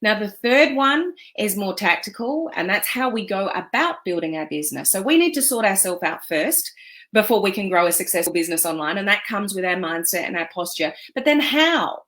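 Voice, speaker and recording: A woman's voice: mid-range voice, animated, a little fast, fairly bright tone. A woman coaching on online business, speaking earnestly and with emphasis, with many fillers and restarts. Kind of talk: motivational teaching talk.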